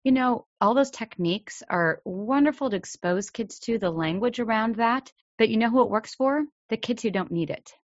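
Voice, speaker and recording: A woman's voice: a little high, lively intonation, moderate pace, few pauses, no echo, muffled recording. A woman hosting a parenting podcast, talking straight to listeners in an earnest, direct way and sometimes acting out what a parent or child might say. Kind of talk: solo podcast talk.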